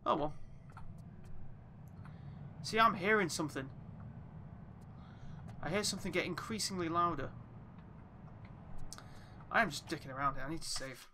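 A man's voice: fairly high pitch, normal speed, long pauses, pushed and bright, a little hiss or hum. A young man casually commenting while playing a game, chatty, swearing often and talking to himself. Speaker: gaming YouTuber. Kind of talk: casual let's play commentary.

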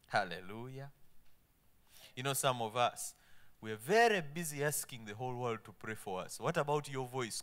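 A man preaching a sermon, quoting scripture emphatically and dropping to soft asides. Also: mid-range voice, smooth. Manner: emphatic, swinging between loud proclamation and soft asides.

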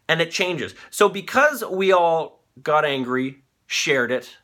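A man in his late thirties rants through a comedic news commentary. His voice is bright and sits a little high, and his pitch swings widely as he curses and riles up his viewers. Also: measured pace, hardly any pauses. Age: 30s. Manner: animated ranting with profanity. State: on cold medication. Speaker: host.

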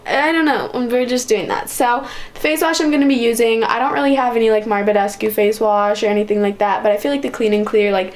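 A young woman vlogging casually at home, chatty, with lots of fillers like "like" and "um". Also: mid-range voice. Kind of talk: casual vlog chat. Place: bedroom at a makeup vanity.

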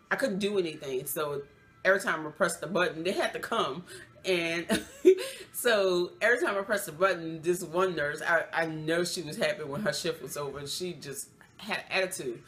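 A woman, retelling a hospital story in a casual, emotional way with many fillers. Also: fairly low pitch. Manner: emotional, animated retelling with acted quotes; loose, chatty, many fillers. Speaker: vlogger.

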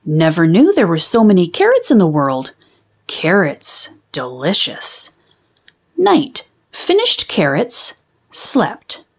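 A woman voicing a sleepy, bossy, carrot-demanding wombat in a children's storybook, with deadpan diary entries and sleepy words whispered. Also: fairly low pitch, slow pace, husky, voice pushed down, full character voice. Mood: dry, sleepy.

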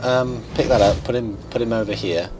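A man's voice: medium pitch, steady tone, a little fast, over a noisy crowd. A man hosting a casual gameplay session, chatting and reacting aloud to the game. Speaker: gaming channel host. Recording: game music underneath.

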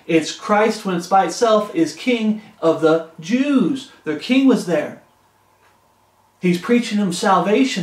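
A man's voice: sits high, echoey room. A man preaching a fervent, pleading sermon, quoting scripture in old-fashioned wording.

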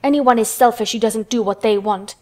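A woman voicing a sour, spoiled ten-year-old girl with sharp, scornful retorts in a storybook reading. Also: fairly high pitch, fairly quick, natural voice.

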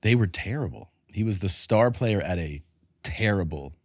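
A man co-hosting a casual podcast chat, a lively storyteller whose voice jumps when incredulous. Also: deep voice, normal speed, no echo, studio quality. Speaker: podcast co-host.

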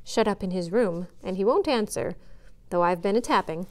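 A woman's voice: mid-range voice, moderate pace, close to an everyday voice. A woman reading aloud as a fussy country housemaid who chatters in an old-fashioned country dialect. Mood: fretting.

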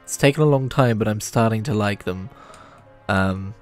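A man's voice: lowish voice, moderate pace, faint music behind. A man giving casual, wry commentary over a game playthrough, often swearing and joking. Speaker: gaming video creator.

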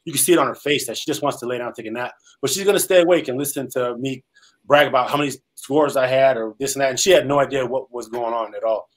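Man, from California, interview guest, former football player, rapid speech, middle pitch, rambling, earnest. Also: poor audio. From Salinas, California, US. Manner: earnest, rambling storyteller with frequent "um"s and restarts. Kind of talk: storytelling in a casual interview.

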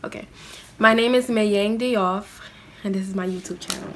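A woman's voice: medium pitch, normal speed, very noisy. A young woman, chatting in a casual question-and-answer vlog. She is self-mocking and scatters "like" through her talk. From New York City. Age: young adult. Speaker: vlogger.

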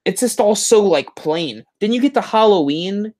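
A man's voice: high-pitched, expressive, moderate pace, a little mellow. A man hosting a livestream on a headset, chatting casually and reading out viewer comments in a rambling way. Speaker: YouTube livestream host.

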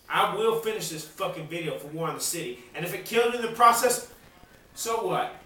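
A man ranting in a rough, heavily profane rant, bursting into shouts and loud laughs. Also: high voice, expressive, brisk. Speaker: amateur rapper vlogging. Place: outdoors on a street. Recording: very echoey, distant from mic, noisy.

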